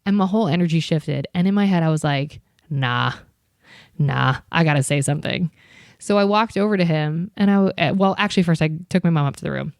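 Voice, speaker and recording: A young woman hosts her podcast in a loose, chatty storytelling mode, candid and quick to swear. Her voice sits low and mellow. The sound is dry and close, with no room around it. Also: no echo. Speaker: podcast host. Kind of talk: casual storytelling.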